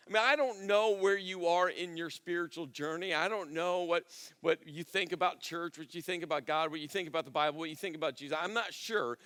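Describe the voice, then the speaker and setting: A middle-aged man preaching a sermon as pastor. He talks conversationally, repeats his phrases, and drops almost to a hush on key words. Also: high voice, big-room sound.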